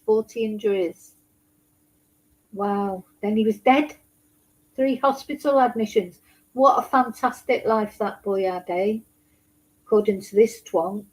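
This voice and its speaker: A woman's voice: a little high, low-quality recording. A woman giving blunt, indignant casual commentary on a trial report, swearing now and then. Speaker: true crime commentator.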